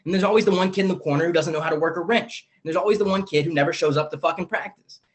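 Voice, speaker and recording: A man's voice: on the high side, racing. A man candidly sharing his recovery story on a video call, rambling and self-mocking, swearing casually.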